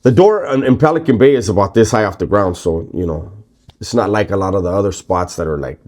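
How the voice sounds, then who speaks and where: A man telling a story in a relaxed, rambling way, full of slang and swearing. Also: lowish voice, fast talker. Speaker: storyteller recounting prison life. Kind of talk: casual spoken storytelling.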